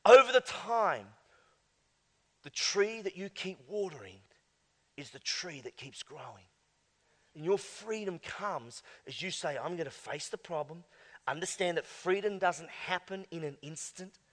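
High-voiced emphatic male preacher. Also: animated, unhurried. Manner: emphatic preaching, swinging from hushed to loud exclamations. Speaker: pastor. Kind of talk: sermon. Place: church. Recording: long church hall reverb.

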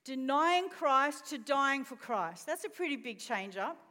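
A woman's voice: high-pitched, lively intonation, a little slow, pushed and bright. A woman pastor preaching a sermon, telling a story expressively and putting questions to the congregation. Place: church auditorium. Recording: long reverb in a church hall.

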